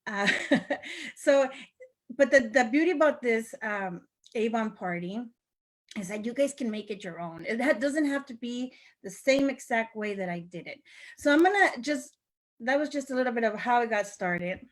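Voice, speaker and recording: An older woman who works in sales tells viewers a casual story on a live video, in a slightly high, animated voice at normal speed. She's chatty, laughs frequently, and acts out what her friends said.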